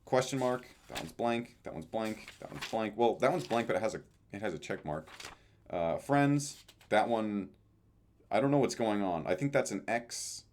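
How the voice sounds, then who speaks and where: A man's voice: lowish voice, animated, moderate pace, darkish tone. A young man casually reading out his own journal and planner entries, with offhand dry asides and frequent fillers. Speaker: vlogger.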